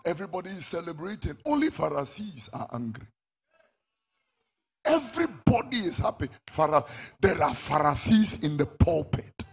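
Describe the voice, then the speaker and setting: Raspy, animated Ghanaian preacher man. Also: on the high side, moderate pace. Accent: Ghanaian English. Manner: animated preaching with sudden shouted peaks. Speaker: prophet and preacher. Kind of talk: sermon.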